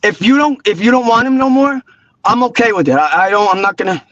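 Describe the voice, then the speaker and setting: A man's voice: high-pitched, fast talker, fairly bright tone, no echo, muffled recording. A man with a New York accent calling in to a sports podcast, ranting with profanity and sarcasm. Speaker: caller. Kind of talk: angry call-in rant.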